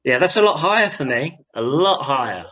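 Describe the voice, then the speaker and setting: A man's voice: a little high, animated, brisk, bright, forceful tone, dull audio. A man hosting a podcast in casual chat, upbeat and prompting the others to speak. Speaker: podcast host.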